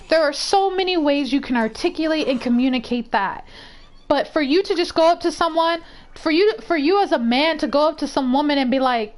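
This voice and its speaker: A high-voiced woman streamer tells a story casually over a desk microphone. She swears freely and gets animated, building to heated outbursts. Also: moderate pace. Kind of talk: casual storytime while gaming.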